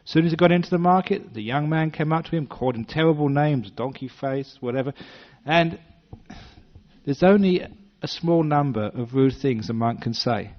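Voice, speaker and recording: At normal speed and a little high in pitch, an English man in his sixties, a Buddhist monk, spins a funny story in a dharma talk with small character voices. British-born, he's based in Western Australia; the recording sounds dull and lo-fi.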